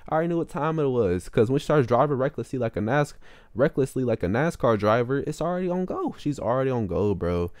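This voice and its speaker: A man's voice: quick pace, no echo, clean studio sound. A young man rambling through a casual storytime monologue in slangy speech, full of fillers. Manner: animated, with sudden jumps up in pitch. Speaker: vlogger telling a story.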